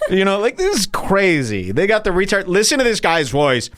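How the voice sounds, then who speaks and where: A man hosting a podcast, ranting crudely and mockingly, now and then jumping into high put-on voices. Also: sing-song, moderate pace, fairly bright tone, slight background noise. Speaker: podcast host. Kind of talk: crude comedic podcast rant.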